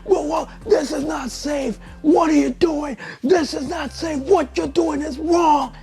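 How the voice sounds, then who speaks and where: A man voicing a panicky male trucker trainee who shouts in alarm about safety. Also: very high-pitched, fairly even intonation, measured pace, gravelly, faint music behind, voice pushed up, full character voice. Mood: panicked yelling.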